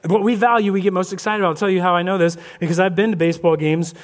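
A man preaching a lively sermon as pastor, acting out little scenes and voices of churchgoers. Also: sits high, racing. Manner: animated, acts out congregation voices. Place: church sanctuary.

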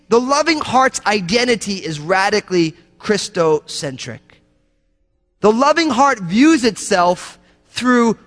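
Impassioned high-voiced male preacher, reverberant hall. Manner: impassioned preaching, swinging from loud emphatic lines to hushed low ones. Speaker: pastor. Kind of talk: sermon.

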